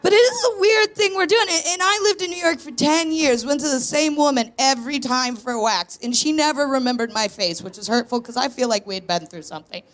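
A woman's voice: high-pitched, brisk, few pauses, a bit bright. A woman in her thirties doing a chatty, self-deprecating stand-up set on a stage before a live audience. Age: 30s. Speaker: stand-up comedian guest.

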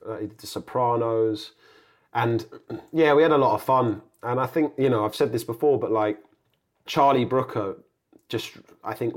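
Laid-back rambling male actor guest. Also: on the low side. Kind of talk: casual interview chat.

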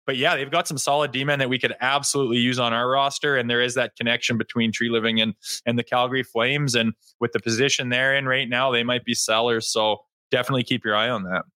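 A man co-hosting a sports podcast, talking in a heated, animated way and mocking critics in put-on voices. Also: medium pitch, fast talker, no echo. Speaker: co-host.

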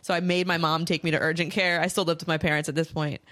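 A woman's voice: low-pitched, level tone, fast, a bit bright, no echo. A young woman on a casual podcast, chatting and laughing through a story. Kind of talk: casual chat.

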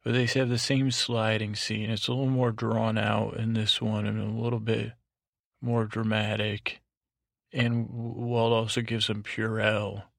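A man's voice: on the low side, level tone, measured pace, vocal fry, a bit bright, no room sound, clean studio sound. A man hosting a sleep podcast, recapping an episode in a meandering, digressive way with many fillers and restarts. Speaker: podcast host.

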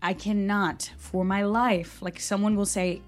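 Woman from brazil doing a solo q&a podcast, talks a lot and gets fired up, soft music faintly behind. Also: fairly low pitch, fairly even intonation, moderate pace. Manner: passionate and talkative, emphatic. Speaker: podcast host.

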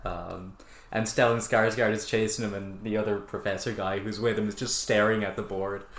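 A man's voice: fairly low pitch, steady tone, normal speed, a bit bright, echoey room. A man co-hosting a podcast in casual chat, dry and laid-back, laughing often. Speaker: podcast co-host.

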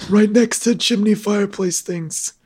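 A man's voice: high-pitched, measured pace, darkish tone, husky. A man narrating a tabletop game as game master, joking and self-mocking.

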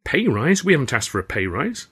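A man's voice: mid-range voice, huge pitch swings, a little fast, a bit bright, breathy edge, full character voice. A man voicing a puzzled young male comic partner, protesting in confusion. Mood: baffled. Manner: baffled, protesting.

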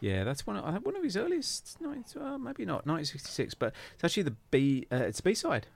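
A man's voice: sits high, wildly swooping pitch, fast talker, gravelly, dry recording. A man hosting a radio show, chatting casually and jokily about records in the studio and correcting himself as he goes. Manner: chatty, jokey, self-correcting. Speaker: radio DJ host.

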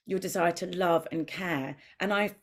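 Woman, podcast guest, slightly low voice, animated storytelling, acts out quotes. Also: moderate pace. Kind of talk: chatty anecdote-telling.

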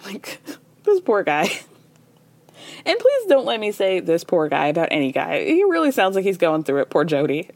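A woman's voice: on the high side, darkish tone, no room sound. A woman hosting a podcast, chatting casually through a reality TV recap, laughing often and acting out quotes. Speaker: podcast host.

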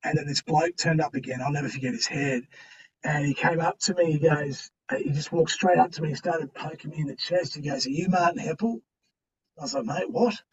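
An Australian man telling his own story as a podcast guest in a slangy, conversational way, with pauses and restarts. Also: fairly high pitch, fairly even intonation, slightly rough. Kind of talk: candid storytelling. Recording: distant, dull-sounding mic.

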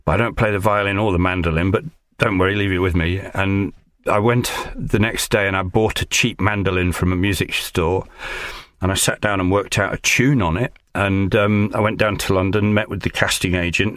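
A male actor and audiobook narrator, a podcast guest, telling a relaxed and wry story about an audition. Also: low voice, fairly quick, no room sound, studio quality. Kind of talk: anecdotal storytelling.

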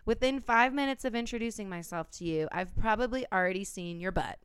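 A woman's voice: medium pitch, fairly quick, fairly bright tone, smooth, no echo. A woman hosting a casual podcast, reading a listener's story aloud and laughing often.

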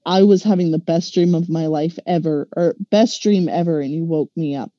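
A woman's voice: low-pitched, normal speed, no room sound, muffled recording, natural voice. A woman voicing a grumpy, sleepy young boy who growls and sulks while reading a storybook aloud. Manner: growling, sulky.

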